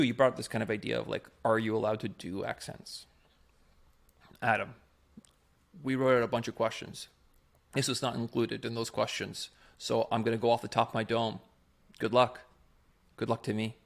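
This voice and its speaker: Gravelly-voiced man on a podcast. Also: mid-range voice, fairly bright tone. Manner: thinks aloud, emphatic, with restarts. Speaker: podcast co-host, improv performer. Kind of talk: casual podcast discussion.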